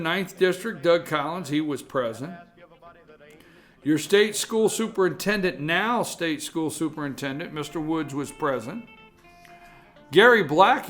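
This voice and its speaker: A man hosts a live morning show and talks in a rambling, self-deprecating monologue. His voice sits a little high for a man. He tells his stories in an animated, chatty way. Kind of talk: casual talk show monologue.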